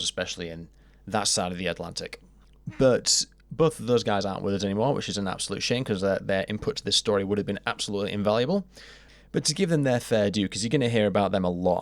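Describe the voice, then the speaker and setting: A man's voice: sits low, dry recording. A man hosting and narrating a documentary in an informal, slightly rambling way with occasional fillers.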